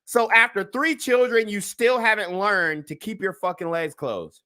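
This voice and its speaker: A man's voice: high-pitched, moderate pace, bright, forceful tone. A man hosting his own commentary channel, reacting to a clip and lecturing his viewers in a blunt, profane way. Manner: blunt, profane, lectures the viewers and asks them to vote in a poll.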